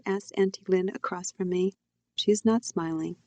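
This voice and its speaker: A woman reads her novel aloud in a quiet, reflective first-person voice. Her tone is low and mellow. The sound is dry and close to the mic, with no room around it. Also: steady tone, normal speed, no echo, highs cut off. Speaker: author reading her novel. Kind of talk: audiobook narration.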